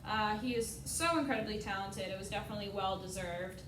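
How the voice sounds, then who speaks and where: A woman giving a casual, enthusiastic presentation, peppered with frequent uhs. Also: brisk. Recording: echoey, distant mic, noisy rumble.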